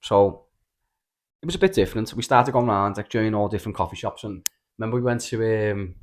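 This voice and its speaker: A man's voice: lowish voice, fast talker. A Scouse man co-hosting a podcast, telling rambling, sweary stories with plenty of stammered restarts. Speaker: podcast co-host. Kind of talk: casual storytelling chat.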